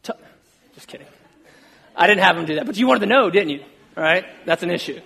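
A man's voice: sits high, animated, fairly quick, vocal fry, pushed and bright, slightly rough. A middle-aged male pastor giving a casual, self-deprecating sermon and acting out quoted conversations.

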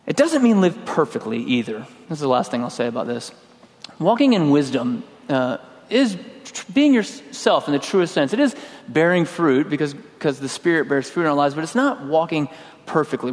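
A middle-aged pastor preaches in a relaxed, conversational style, telling a personal story and acting out his own lines. His fairly high voice moves at normal speed, with long hall reverb.

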